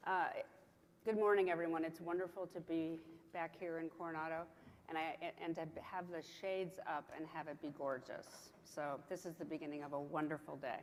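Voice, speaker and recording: A woman in her sixties with a faint Southern accent opens a conference panel. Her voice is low and she talks in a chatty way, full of ums and restarts. The sound carries the long reverb of a large hall, with faint noise behind it. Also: steady tone, moderate pace. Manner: warm, chatty, with frequent um fillers and restarts. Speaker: panel moderator.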